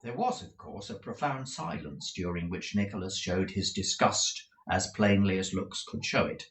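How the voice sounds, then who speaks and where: A man reading a classic novel aloud as an audiobook narrator, slow and expressive. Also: low-pitched, roomy sound. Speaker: audiobook reader. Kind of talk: scripted narration.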